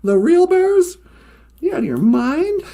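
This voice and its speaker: A woman's voice: very high voice, sing-song, measured pace, mellow, voice pushed up, full character voice. A woman voicing a sly male fox who steals eggs and talks in a cocky, teasing way. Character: sly male fox, boastful egg thief.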